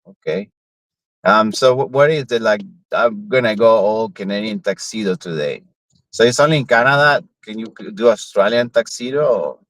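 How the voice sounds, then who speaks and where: Low-voiced man asking halting questions. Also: expressive, a bit bright, no room sound, poor audio. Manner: halting, unsure English, asks simple questions. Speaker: live streamer. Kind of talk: casual chat.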